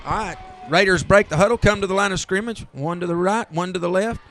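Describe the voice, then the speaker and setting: A man with a Southern accent calling high school football play by play, rising to excited near-shouts on big runs. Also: quick pace. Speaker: play-by-play announcer.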